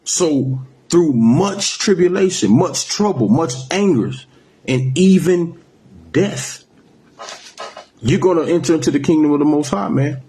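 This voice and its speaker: A man preaching a sermon, reading scripture slowly and then driving points home with repeated "man" and "right?". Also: on the high side, warm tone. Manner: emphatic, ends phrases with "man" and "right?"; slows to a drawl when reading scripture. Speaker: street preacher.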